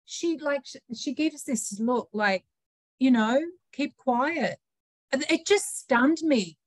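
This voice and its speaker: A woman's voice: sits high, expressive, slow, dry recording. A woman in a Bible study group, earnestly recounting a personal experience. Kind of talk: casual group discussion.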